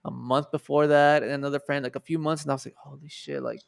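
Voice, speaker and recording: A fairly high, steady male voice talks quickly with vocal fry, sounding clear and resonant on a dry, clean studio recording. This guest artist, a Texan in his 20s, relates a personal story in a casual, loose manner, packed with fillers and swearing.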